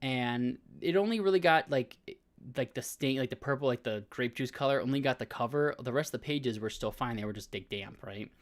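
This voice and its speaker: A man in his thirties, co-hosting a podcast, tells a long, rambling story in casual chat, full of filler words, restarts, and frequent "like"s. His voice is mid-range and fairly quick.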